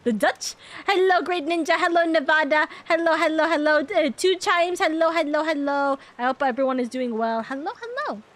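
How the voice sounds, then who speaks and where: A woman streaming live, chatting casually and affectionately with her viewers, talking fast and rambling with lots of repeats. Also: sits high, a bit bright. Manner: bubbly, affectionate, rapid and rambling. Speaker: VTuber streamer.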